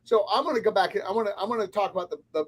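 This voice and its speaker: Talking rapid-fire in a high voice, a man who consults for restaurants gives blunt, emphatic advice as an interview guest. The setting is casual, and he runs through his points one by one.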